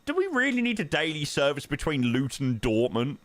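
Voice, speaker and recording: A man's voice: a little high, wildly swooping pitch, a little fast, no echo. A young man chatting casually on a flight-sim live stream, bantering with chat in slang.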